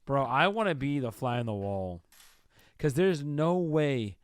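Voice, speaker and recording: A man's voice: mid-range voice, big pitch swings, measured pace, smooth, no echo. A man co-hosting a casual reaction show, laid-back and joking, calling people bro and dude. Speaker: co-host.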